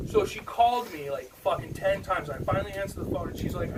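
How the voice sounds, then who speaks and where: Podcast co-host, male, crude and chatty; raised pitch, recorded at a distance. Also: fast, few pauses. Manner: profane, storytelling. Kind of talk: casual podcast chat. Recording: distant mic with faint noise.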